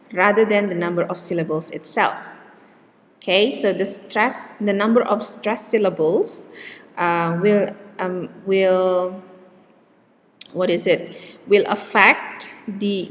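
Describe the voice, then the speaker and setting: Slow-talking Indonesian woman lecturing on linguistics. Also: medium pitch, long reverb tail. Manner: explanatory, with frequent fillers and self-corrections. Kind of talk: recorded online lecture.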